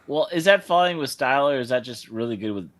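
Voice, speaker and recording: A man's voice: mid-range voice, expressive, quick pace, a bit bright. A man on a comedy panel who laughs often and chimes in with questions and jokes. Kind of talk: casual comedic panel chat.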